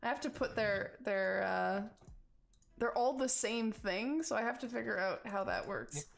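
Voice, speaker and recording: A woman's voice: medium pitch, expressive, unhurried, creaky, slight background noise. A woman running a tabletop game as game master, narrating loosely and playfully and laughing often.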